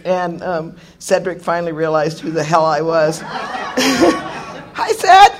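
A hoarse middle-aged woman sharing her recovery story at a meeting, candid, joking and laughing often, swearing now and then. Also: low voice, flat delivery, moderate pace, a crowd in the background. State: hoarse, voice worn out. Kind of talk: personal recovery testimony. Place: meeting room with an audience.

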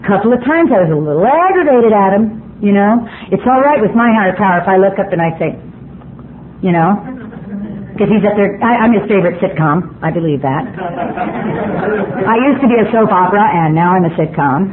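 A woman's voice: mid-range voice, expressive, normal speed. A woman speaks to a meeting room about her own recovery, blunt and emphatic, dropping the odd curse and poking fun at herself. The recording is thin and tinny, like it came over a phone line, with a faint hiss running under it. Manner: self-mocking humor. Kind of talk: personal recovery talk. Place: meeting room before an audience.

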